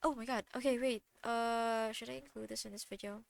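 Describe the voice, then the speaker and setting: A woman's voice: a little high, steady tone, brisk, vocal fry, dry recording. A woman casually explaining physiotherapy techniques in a recorded lesson, often correcting herself and going off on tangents with self-deprecating asides. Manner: chatty, digressive and self-correcting.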